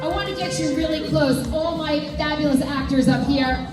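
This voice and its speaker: A woman's voice: sits high, moderate pace. A woman moderating a convention fan panel, upbeat and sing-song. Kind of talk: live event hosting. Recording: echoey hall, distant PA mic. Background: music and cheering crowd.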